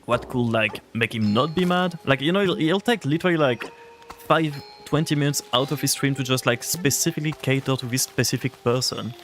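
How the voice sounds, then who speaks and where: A man's voice: mid-range voice, fairly quick, fairly bright tone, soft background music. A man streaming a game live, chatting casually and answering his viewers' chat, rambling with lots of filler words. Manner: rambling, heavy use of "like" fillers; reacts to and answers chat aloud.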